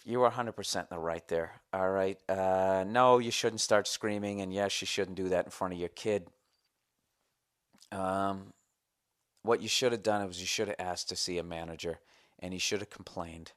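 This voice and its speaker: A man's voice: fairly low pitch, clear, resonant tone. A man in his forties hosting a podcast, ranting profanely in a casual comedic monologue and reading his own letter in a mock-formal tone. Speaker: podcast host.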